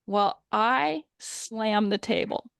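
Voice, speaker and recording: A woman's voice: medium pitch, slow, gravelly, fairly bright tone, clean tone, dry recording, studio quality. A woman guest, a courage coach, telling a funny story on a video call and laughing often as she goes.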